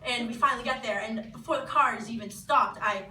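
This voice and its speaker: A young woman from New telling a funny personal story live, animated and laughing as she acts out what people said. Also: on the high side, fairly quick. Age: teens. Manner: animated, laughing, acting out quotes. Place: small venue. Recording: roomy, distant mic with background noise.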